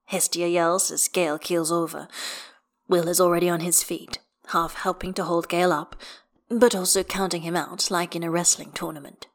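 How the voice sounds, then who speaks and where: A woman narrating a story aloud in a measured, unhurried manner. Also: lowish voice.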